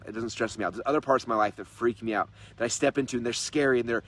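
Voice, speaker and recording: A man in his thirties giving an energetic, repetitive, persuasive motivational talk on a livestream from his in-laws' home. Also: mid-range voice, racing. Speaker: host and coach.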